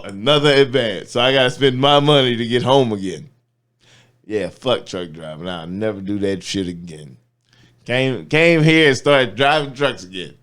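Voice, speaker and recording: Profane storytelling man, low voice. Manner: profane, animated storytelling, acting out quoted people. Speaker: comedian guest. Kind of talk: casual storytelling chat.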